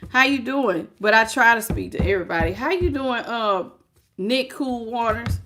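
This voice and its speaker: A woman's voice: fairly high pitch, animated, moderate pace, fairly bright tone, slight background noise. A woman hosting a live-stream tarot reading. She talks straight to the listener and greets viewers by name, calling them sweetheart and baby. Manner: speaks directly to the listener.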